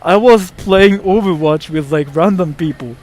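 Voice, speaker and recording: A man raised in Japan, telling stories to his viewers in a casual chat, excitable, laughing and swearing often. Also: high voice, measured pace.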